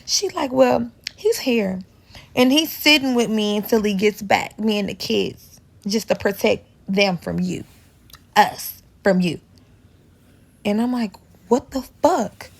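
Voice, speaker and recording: A woman with a St. tells a dramatic personal story in a casual, animated way. Her voice has a gravelly fry, sits at an ordinary middle pitch, and she curses freely while acting out every quoted line. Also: a little slow. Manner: animated, profane, acts out quoted dialogue.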